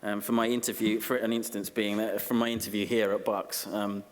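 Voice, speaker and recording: Low-voiced man in a reverberant hall. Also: flat delivery. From Essex, England. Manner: self-deprecating, dry, halting with ums. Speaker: honorary graduate giving an acceptance speech. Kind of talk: comic ceremony speech. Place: large graduation ceremony hall.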